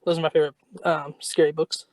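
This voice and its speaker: A man's voice: on the high side, little pitch movement, fast talker, vocal fry, a little mellow, no echo. Casual, hesitant male caller. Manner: casual, hesitant, with fillers and laughs. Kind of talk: casual chat on a call-in show.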